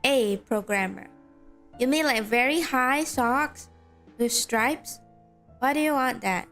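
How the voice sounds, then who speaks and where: Slow and high-pitched with a fairly bright tone, this woman streamer chats casually with viewers during a game as game music plays. She rambles, says "like" constantly, and restarts as she responds to chat.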